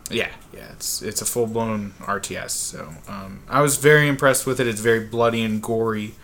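A man's voice: fairly low pitch, moderate pace, fairly bright tone. A man co-hosting a casual gaming podcast, chatty and easygoing as he describes games he saw. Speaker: podcast co-host.

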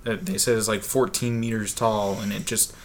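A man's voice: on the low side, little pitch movement, normal speed. A man co-hosting a casual gaming podcast, chatty and easygoing as he describes games he saw. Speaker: podcast co-host.

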